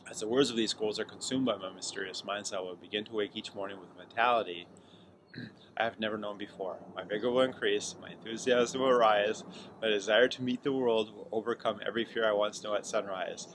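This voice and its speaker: A man's voice: fairly low pitch, fairly even intonation, brisk, noisy background. A sleepy man reading a text aloud for his video, who often stumbles and restarts lines and now and then breaks off to chat. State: sleepy, yawning. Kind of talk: casual reading aloud with chatty asides.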